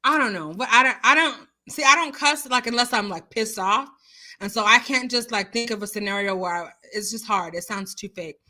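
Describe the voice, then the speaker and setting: A young adult woman hosting a casual livestream, chatting and answering viewers with emphatic, animated remarks. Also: fairly high pitch, a little fast. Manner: chatty, emphatic, laughs often. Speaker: livestream host.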